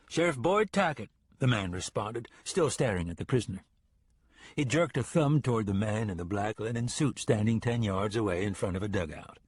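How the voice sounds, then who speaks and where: Brief: low-pitched male narrator, husky, dry close-miked read. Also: no echo. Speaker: audiobook narrator. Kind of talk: scripted narration.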